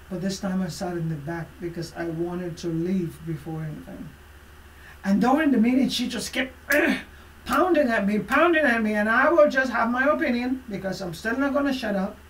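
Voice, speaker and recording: A woman life coach telling a motivational personal story, emphatic and expressive, with frequent fillers. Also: medium pitch, far from the mic, slight background noise. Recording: roomy echo from away from the mic.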